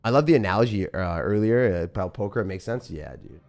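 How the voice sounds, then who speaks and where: A young man commentating his own game on a live stream, fast and jokey, chatting to viewers as he plays. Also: on the low side, lively intonation, gravelly, darkish tone, soft background music. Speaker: gaming streamer.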